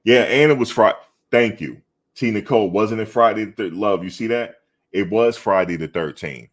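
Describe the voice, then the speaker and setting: A middle-aged man hosting a casual live sports chat, bantering with viewers in an animated, slangy, repetitive way. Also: fairly low pitch, moderate pace, a little hiss or hum. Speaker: live show host reading chat.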